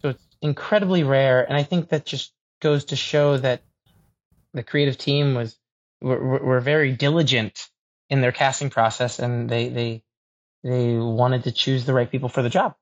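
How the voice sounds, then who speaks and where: A man's voice: medium pitch, fairly even intonation, moderate pace. A young man, a stage actor, chatting as an interview guest in a self-deprecating way with frequent laughs and restarts. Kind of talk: casual interview chat. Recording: dull lo-fi sound.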